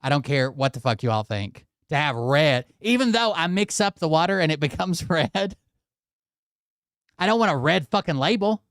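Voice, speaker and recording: A man hosts his channel with a casual, profanity-laced rant aimed straight at his viewers, sounding exasperated throughout. His voice sits a little high for a man and comes across smooth and resonant. The sound is close and dry, with no room echo. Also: animated, moderate pace, a bit bright. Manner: exasperated, swears often, addresses viewers directly. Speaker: channel host.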